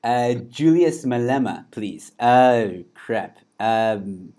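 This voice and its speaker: A man's voice: mid-range voice, expressive, extremely slow, mellow. A man hosting a comedy show, reading viewer suggestions and laughing a lot. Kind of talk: casual comedy chat.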